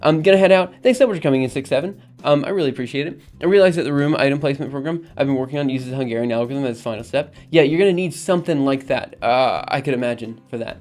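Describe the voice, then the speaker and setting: A man's voice: mid-range voice, very fast, hardly any pauses, a little mellow. A man hosting a casual coding livestream, talking to chat in an upbeat, rambling way with many fillers, with faint music behind him. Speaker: livestream host.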